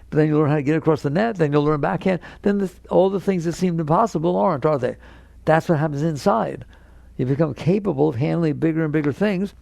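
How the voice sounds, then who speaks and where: A man with a mellow, gravelly voice on the high side gives a spiritual lecture to an audience, recorded with no room sound. He is emphatic, returns again and again to key words, and chuckles while acting out inner voices in quotes.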